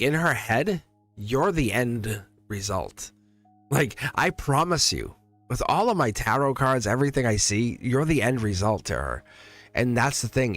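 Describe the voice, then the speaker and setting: A man's voice: mid-range voice, fairly bright tone. Chatty, reassuring male tarot reader. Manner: chatty, emphatic and reassuring, laughs often between phrases. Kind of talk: casual live-stream tarot reading.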